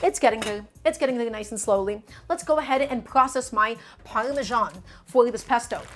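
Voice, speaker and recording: A woman's voice: a little high, moderate pace. A woman from Brooklyn who hosts a live cooking stream, explaining each step as she cooks and answering viewers' questions in a chatty way. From Brooklyn, New York.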